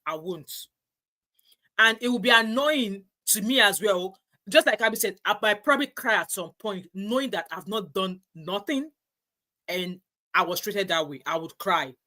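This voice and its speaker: A woman's voice: mid-range voice, normal speed, pushed and bright. A woman hosting a casual panel chat, emphatic and repeating herself. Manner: emphatic, repeats herself, rises when stirred. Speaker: host.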